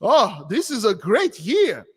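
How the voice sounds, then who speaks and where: A man's voice: high voice, wildly swooping pitch, takes it slowly, a bit bright, breathy edge, long reverb tail. A man preaching, exhorting his listeners and often restarting his sentences. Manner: repetitive, stumbling restarts, exhorting. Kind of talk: sermon.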